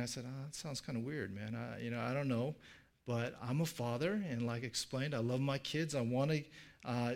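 A middle-aged man preaching a sermon in a casual storytelling way, full of fillers and restarts, lifting his voice for the people he quotes. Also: mid-range voice. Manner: acts out quoted speech in a livelier voice. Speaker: pastor.

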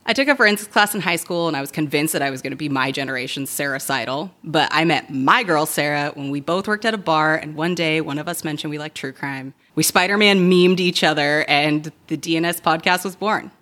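A woman's voice: deep voice, fairly quick, hardly any pauses, fairly bright tone. A woman co-hosting a podcast, reading a scripted introduction in a playful, self-deprecating way. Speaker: podcast co-host.

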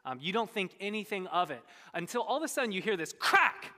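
A pastor preaching a sermon with animated storytelling, often repeating words as he starts sentences. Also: fast talker, big-room sound. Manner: animated storytelling, voices quoted speakers with big pitch jumps.

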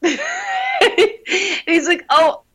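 A young woman in casual chat, telling an animated story, laughing and swearing freely. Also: on the high side, a little slow, low-quality recording.

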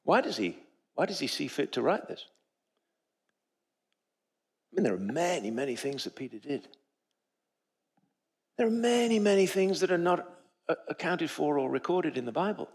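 A pastor's voice, on the high side and slightly rough, moves at a moderate pace with long pauses. Preaching in the church sanctuary, he brings his stories to life by acting out each character's voice.

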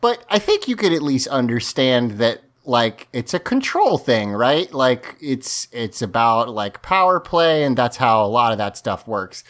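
A man chatting through an episode recap on a relaxed podcast. He rambles, restarts his sentences and leans on fillers as he goes. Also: mid-range voice, unhurried, few pauses. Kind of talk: casual chat.

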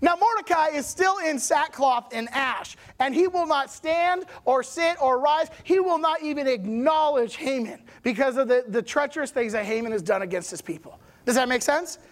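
High voiced guy preaching, super chatty, keeps asking does that make sense. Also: normal speed, hardly any pauses. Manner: chatty, animated, checks in with listeners. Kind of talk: casual sermon storytelling.

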